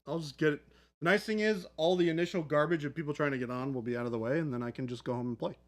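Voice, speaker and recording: A man's voice: on the high side, rapid-fire, echoey room. A man hosting a live hobby stream, chatting casually and joking with the chat. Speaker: livestream host. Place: hobby studio.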